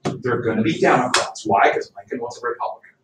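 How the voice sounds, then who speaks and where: A man's voice: mid-range voice, fast talker. A male history teacher lecturing a class in a chatty, teasing way. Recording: echoey classroom from far off, faint noise.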